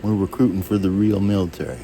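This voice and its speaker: A man telling rambling, halting stories about his childhood, jumping from one memory to the next. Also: gravelly, slight background noise, low-quality recording. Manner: rambling, halting, restarts and jumps between stories; shouts and jumps high when acting out others. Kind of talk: rambling personal storytelling.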